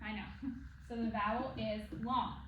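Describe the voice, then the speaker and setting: Speaking a little slowly with fairly even intonation, a woman with a slightly high voice leads a one-on-one reading lesson. She patiently checks in using "okay?" and "right?" The audio is dull, and the echoey room has background noise.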